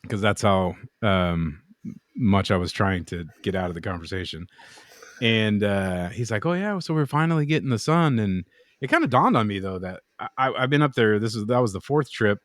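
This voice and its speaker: Low-ish guy on a podcast, rambly storyteller, cusses, dry close sound. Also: normal speed, fairly bright tone, no room sound. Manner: rambling storyteller, swears, acts out quotes. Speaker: podcast co-host, knifemaker. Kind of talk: casual chat.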